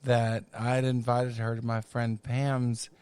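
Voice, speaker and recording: A middle-aged man telling a long personal story on a podcast, campy and chatty with unhurried asides. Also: mid-range voice, monotone, a little mellow, clear, resonant tone, no echo. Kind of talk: casual storytelling.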